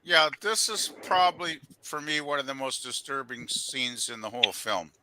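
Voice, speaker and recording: A man's voice: mid-range voice, moderate pace, crowd noise, low-quality recording. A man on a casual movie review panel, reasoning through a scene in a conversational way.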